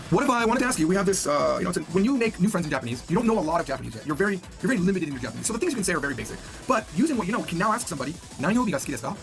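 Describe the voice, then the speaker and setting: A man teaching a beginner language lesson in an upbeat, chatty way, repeating each new word for the listener to drill. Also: a little high.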